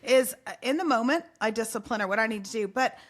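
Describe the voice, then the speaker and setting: A middle-aged woman, a podcast guest, telling a family story in lively, animated fashion and acting out the quotes. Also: on the high side, fast. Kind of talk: casual storytelling interview.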